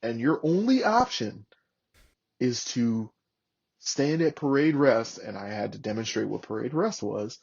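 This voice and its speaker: A man's voice: medium pitch, lively intonation, measured pace, vocal fry, a little mellow, slightly rough, muffled recording. A man hosting a podcast, a Marine veteran, chatting in a laid-back way and swearing casually. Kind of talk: casual chat.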